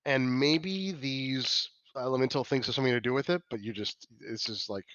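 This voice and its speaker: A man's voice: medium pitch, moderate pace, fairly bright tone, dry recording, dull audio. Rambling male game master. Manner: rambling, self-correcting descriptions. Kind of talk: narrating a tabletop game.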